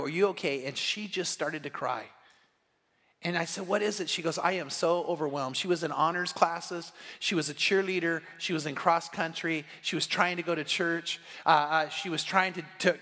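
A man's voice: fairly high pitch, sharp tone. A middle-aged man preaching an evening sermon as pastor, telling stories in an earnest, conversational way. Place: church sanctuary. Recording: long reverb of a church hall.

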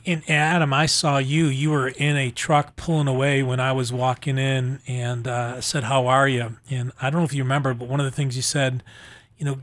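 A man's voice: medium pitch, flat delivery, moderate pace, a bit bright, no room sound. A man hosting a radio talk show in an enthusiastic, chatty way, often stumbling over repeated words. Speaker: radio host. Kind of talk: casual talk show chat.

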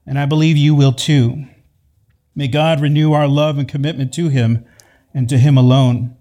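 Guy preaching in church, slightly high voice, slow and emphatic, repeats lines for effect. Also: steady tone, warm tone. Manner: measured, emphatic, repeats key phrases. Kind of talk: sermon. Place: church sanctuary.

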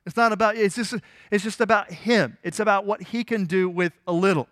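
Guy pastor with a high voice, chatty sermon, asks the crowd stuff, dry close sound. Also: fairly bright tone, dry recording. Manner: conversational, asks the congregation questions; voices biblical figures in quick asides.

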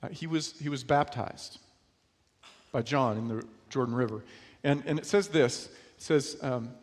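A pastor from New York, USA delivers a sermon in a conversational style, frequently posing rhetorical questions to his listeners. His voice is mid-range and his pace measured, with a long reverb tail trailing each phrase.

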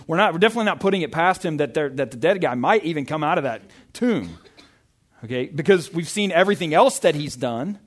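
Chatty young man preaching casually. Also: a little high. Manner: chatty, self-interrupting, often asks "right?". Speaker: pastor. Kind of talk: casual sermon with Bible reading.

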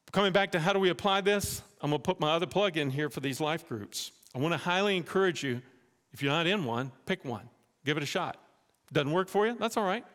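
Male pastor, sermon, fairly high voice, lively storytelling, long church reverb. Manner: animated storytelling, direct appeals. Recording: echoey church hall.

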